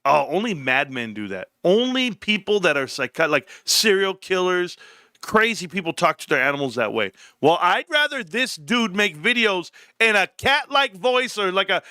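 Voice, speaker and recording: A man chats excitedly on his live stream, in a bright voice that sits a little high. The sound is dry and close, with no room echo. He swears casually and talks in an animated, buzzing way. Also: moderate pace. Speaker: livestream host. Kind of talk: casual livestream chat.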